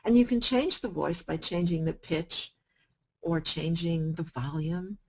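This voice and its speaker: A woman giving a coaching self-help talk to a group, switching between calm explanation and sudden loud, playful emphasis. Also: lowish voice, measured pace, husky, rough recording.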